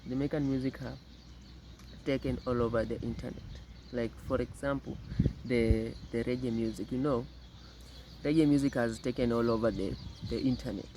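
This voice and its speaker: A man from Kenya hosting a reaction video, talking in an unhurried way and often repeating words. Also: medium pitch, steady tone, noisy background. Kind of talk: casual commentary.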